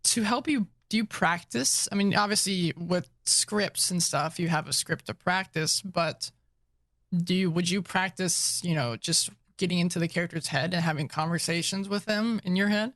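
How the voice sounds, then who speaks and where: A man's voice: high voice, fairly bright tone, no echo, studio quality. A young man co-hosting a podcast, chatting and teasing his partner in an easygoing way. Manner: easygoing, teasing, quick to laugh. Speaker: podcast co-host. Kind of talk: casual chat about tabletop roleplaying.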